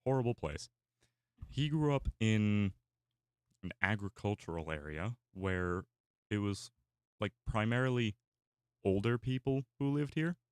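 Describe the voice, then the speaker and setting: A man's voice: lowish voice, clear, resonant tone, dry recording, clean studio sound. A young man chatting casually while he draws, rambling with many fillers and restarts. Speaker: artist and YouTuber. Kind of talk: casual chat while drawing.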